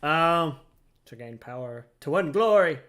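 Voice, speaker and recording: A man's voice: on the high side, lively intonation, unhurried, fairly bright tone. A man casually commenting while playing a video game, jokey and playful, laughing often. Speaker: let's-play host.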